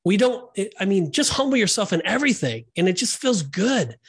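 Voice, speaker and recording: Middle-aged male podcast co-host, slightly high-pitched, earnest storyteller who restarts his sentences. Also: big pitch swings, a little fast, slightly rough. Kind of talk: Christian discipleship podcast chat.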